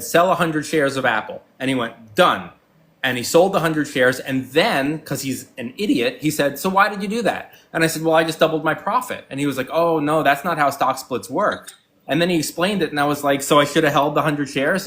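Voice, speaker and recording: A man in his forties, voice fairly high and bright, chats casually as a guest. He tells rambling stories packed with fillers and restarts, acting out both sides of old conversations.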